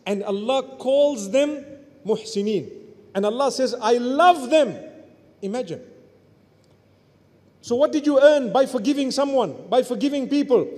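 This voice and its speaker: A man giving an Islamic sermon, swinging from raised, near-shouted lines down to soft, low murmured asides. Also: unhurried, long pauses. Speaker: Islamic preacher. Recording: long hall reverb.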